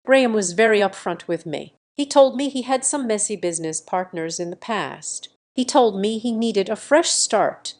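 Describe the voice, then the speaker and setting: A woman voicing a cold, scheming middle-aged father in calm, flat tones in a narrated story. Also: mid-range voice, moderate pace, few pauses, lightly acted.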